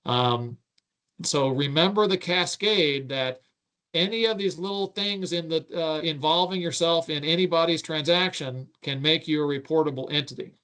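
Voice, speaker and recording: A man's voice: on the high side, normal speed, a bit bright, clean tone. A man presenting a webinar, reading out audience questions and answering them with many ums and uhs. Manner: explains at length, with many filler "uh"s and "um"s. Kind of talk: webinar Q&A explanation.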